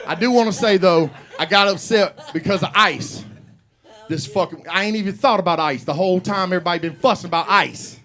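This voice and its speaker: A man's voice: high-pitched, a little fast. A man hosting an open mic comedy night, telling a rambling, profane story to the crowd. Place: comedy club. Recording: live room with audience.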